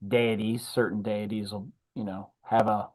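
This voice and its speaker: A man's voice: on the low side, level tone, normal speed, darkish tone, low-quality recording. A man in a casual tabletop gaming chat, explaining ideas in a thoughtful, searching way.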